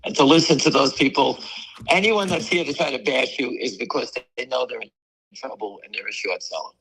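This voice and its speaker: Man, hoarse, gravelly, bright edge, blunt market talk. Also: mid-range voice, fairly quick, low-quality recording. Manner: blunt, dismissive of critics. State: hoarse, losing his voice from allergies. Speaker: stock market show co-host. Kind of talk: casual market talk with a co-host.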